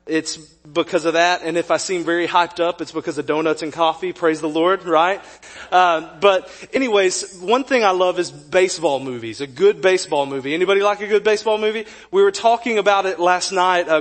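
A man preaching a sermon as pastor, joking and conversational, then dropping to a quiet, earnest tone. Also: sits high.

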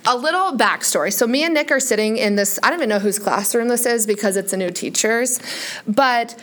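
A woman in her late twenties, a high school teacher, chatting casually on a podcast in a classroom, peppering her talk with "like.". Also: fairly quick, a bit bright. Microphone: headphone microphone.

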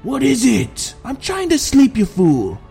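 A man's voice: extremely high pitch, big pitch swings, brisk, gravelly, darkish tone, husky, soft background music, pitched above the performer's own voice, heavily acted. A male narrator voicing a grumpy, half-asleep male sergeant who growls insults from inside a tower.

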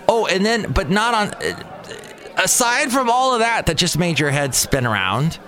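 A man hosting a rambling solo podcast, with a voice that swoops up and down as he talks. He sounds animated and exasperated and keeps going off on tangents, recording outdoors near a cafe. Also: high-pitched, moderate pace, some chatter behind. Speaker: podcast host.

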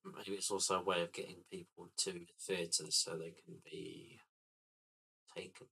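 A very deep-voiced man with a bright, forceful edge, co-hosting a casual film podcast. He sounds laid-back and unsure, chatting loosely. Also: little pitch movement, moderate pace, creaky, slightly rough. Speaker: podcast co-host.

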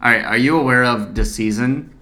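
A man in his thirties trades jokes on a casual podcast recorded in a small home studio. His tone is bright and forward, he laughs easily, and he cuts in often with teasing asides. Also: mid-range voice, moderate pace. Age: 30s. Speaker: podcast co-host. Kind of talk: casual chat. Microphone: studio mic.

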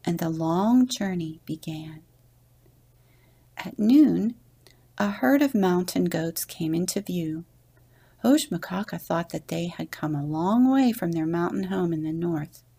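A woman deacon reads a children's story aloud in a slow, gentle manner. Her voice is low and gravelly, with a dark, mellow tone. Now and then she drops into a husky whisper. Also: lively intonation. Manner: gentle read-aloud narration with whispered passages. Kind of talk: storybook reading.

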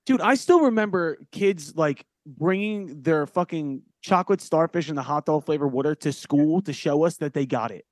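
A man's voice: on the high side, lively intonation, moderate pace, few pauses, no echo. A man hosting a podcast, teasing his co-hosts in profane casual banter. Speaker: podcast host. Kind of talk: casual chat.

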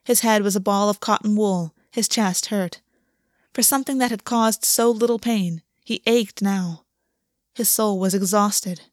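A woman reads a story aloud in a measured, steady narration. Her voice sits at a middle pitch for a woman. The recording is dry and close, with no room sound. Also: dry recording. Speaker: audiobook reader. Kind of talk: scripted fiction narration.

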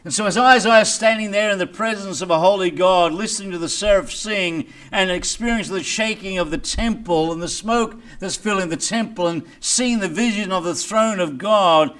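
A man preaching a sermon as pastor, reading scripture and building to loud dramatic peaks before dropping low. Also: normal speed, hardly any pauses. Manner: dramatic preaching with big swings in loudness.

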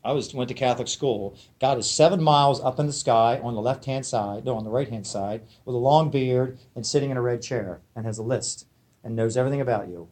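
A man in a lecture room speaks to a live audience about spiritual ideas. His voice sits at an ordinary middle pitch. He talks in an emphatic, conversational way and keeps checking in with the room to make sure his listeners follow. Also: fairly quick, darkish tone. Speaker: spiritual teacher giving a lecture.

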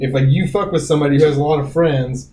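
High-voiced joking man, laughs often. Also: fairly even intonation, fast, warm tone, rough recording. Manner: joking, laughs often, riffs on absurd ideas. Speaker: podcast co-host. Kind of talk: casual chat.

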